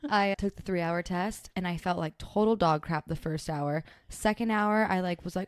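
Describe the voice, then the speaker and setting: Lively young mom, low voice, dry. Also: female voice, normal speed, few pauses, clear, resonant tone, no echo. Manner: animated storyteller, acts out quotes. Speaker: podcast co-host. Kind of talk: casual chat.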